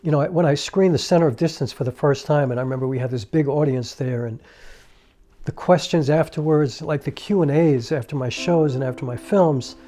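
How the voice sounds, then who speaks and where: Middle-aged male storyteller: slightly high, warm tone, conversational and earnest, often restarting mid-thought. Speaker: filmmaker and storyteller. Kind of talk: personal storytelling to camera. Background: soft piano music.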